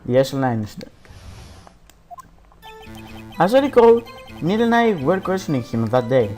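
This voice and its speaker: A man playing a loud, smug police chief, full of himself and teasing, his voice swinging up and down. Game music plays steadily underneath. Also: on the high side, very animated, moderate pace. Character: boisterous older male police chief, smug. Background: background game music.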